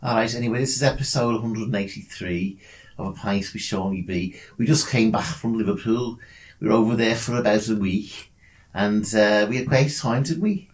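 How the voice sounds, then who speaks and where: Male podcast co-host, lowish voice, banter-heavy, tosses in mate and lads. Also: normal speed. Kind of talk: casual chat.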